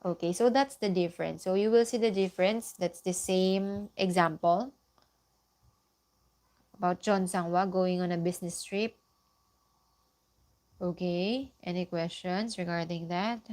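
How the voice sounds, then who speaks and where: A woman's voice: fairly even intonation, a little slow, long pauses, darkish tone. A woman whose first language is Tagalog, teaching a Japanese lesson online in a patient, explaining way, often checking with "okay?". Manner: lifts her pitch sharply for example sentences.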